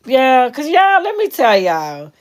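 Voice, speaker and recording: A woman's voice: sits high, huge pitch swings, slow pace. Candid, chatty woman streaming live. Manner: candid and chatty, swearing and laughing easily. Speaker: medium live-streaming to followers. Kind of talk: casual chat.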